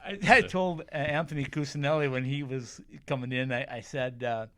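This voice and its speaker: A man's voice: medium pitch, fairly even intonation, brisk, sharp tone, clear, resonant tone. A man hosting an interview, telling stories in a chatty way with repeated words as he starts. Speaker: interviewer and host. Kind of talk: conversational interview.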